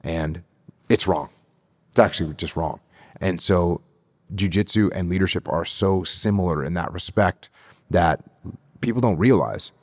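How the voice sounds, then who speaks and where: Guest: middle-aged man from the United States, very low voice, emphatic and repetitive, dry close sound. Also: a little mellow, no room sound. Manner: emphatic, repeats key phrases for stress. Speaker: guest, retired military officer. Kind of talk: podcast interview.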